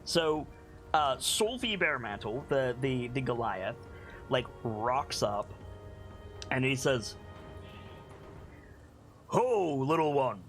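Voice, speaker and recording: A young man narrating a tabletop game as game master, relaxed and full of fillers. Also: medium pitch, takes it slowly, soft background music. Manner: hesitant, lots of fillers, relaxed.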